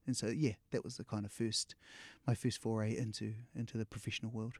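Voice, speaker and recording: Here a middle-aged New Zealand actor, interviewed as a guest, speaks a little fast in a fairly low voice. He tells casual stories with animation, acting out what others said and laughing often, and there's no echo.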